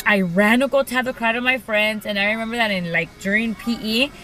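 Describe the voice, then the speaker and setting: A woman's voice: on the high side, a little fast, bright, forceful tone, low-quality recording. A young woman casually telling a personal story to her viewers, chatty and full of "like" and "you guys". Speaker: vlogger.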